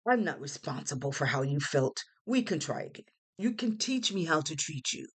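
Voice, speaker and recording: A woman's voice: low-pitched, sing-song, moderate pace, slightly rough, exaggerated voice. A woman reading the lines of a resentful young man, an ex-lover who sneers in bitterness. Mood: coaxing. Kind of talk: audiobook character reading.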